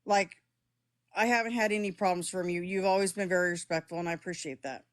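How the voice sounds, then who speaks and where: A woman's voice: lowish voice, fast talker. A middle-aged woman live streaming from her phone, talking straight to her chat in a heated, defensive way and swearing as she goes.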